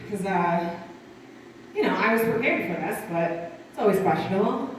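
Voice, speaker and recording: A woman's voice: fairly low pitch, fairly quick, a little hiss or hum. Woman, thirties, stand-up comic, rambling asides, distant mic, heavy room echo. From Connecticut. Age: 30s. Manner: rambling, conversational, dark humor with asides. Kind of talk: stand-up set. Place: small live performance venue.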